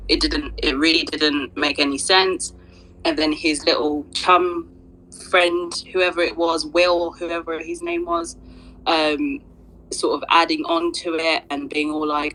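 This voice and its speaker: A woman speaking in an online audio space, telling a story in an animated, exasperated way. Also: sits low, unhurried, rough recording. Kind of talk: casual discussion.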